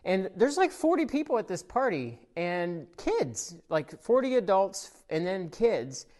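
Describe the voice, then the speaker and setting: A man preaching a sermon as a pastor, in an easy conversational way. He tells stories full of filler words. His voice swells when he gets excited and drops quiet when he reflects, in a church service recorded for people watching online. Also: high-pitched, measured pace. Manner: conversational storytelling with frequent fillers; grows animated and louder in the story, soft when reflecting.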